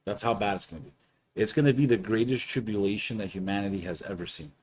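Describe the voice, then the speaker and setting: A man's voice: on the low side, fast talker. A man co-hosting a casual stream chat, earnest and preachy, giving solemn warnings. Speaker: podcast co-host.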